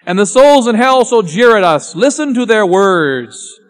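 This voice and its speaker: A man preaching a solemn sermon, grave and intense, often dropping to a hushed voice. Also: high-pitched, very animated, a little slow. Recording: long church reverb with faint music.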